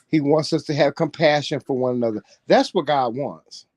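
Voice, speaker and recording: A man's voice: on the high side, moderate pace, darkish tone, dry recording. A man in casual chat, talking animatedly in a preachy way and swearing freely. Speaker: co-host.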